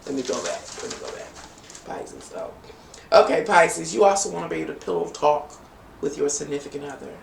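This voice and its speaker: Her voice sits low and creaky, and she talks briskly: a middle-aged woman doing a cheeky, bawdy tarot reading on a live stream while bantering with viewers. A faint hum runs under the roomy, distant home mic.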